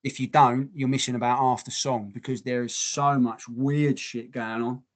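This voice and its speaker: A man's voice: mid-range voice, level tone, moderate pace. A man co-hosting a podcast in casual chat, blunt and swearing freely. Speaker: podcast co-host.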